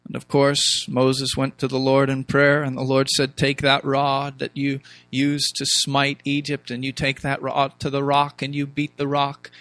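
A man's voice: medium pitch, completely flat delivery, measured pace, few pauses, a bit bright, no echo. A man preaching a sermon, reading scripture aloud and mimicking complaining voices, with emphatic rhetorical questions.

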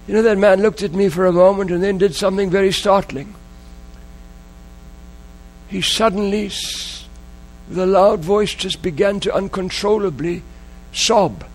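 A man's voice: sits high, fairly even intonation, normal speed. A man preaching a sermon, telling a story in an emotional way and repeating key phrases. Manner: emotional, repetitive, dwells on phrases.

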